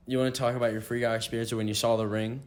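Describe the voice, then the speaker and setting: A man's voice: mid-range voice, little pitch movement, rapid-fire. A young man in casual chat, animatedly telling a story and acting out quotes.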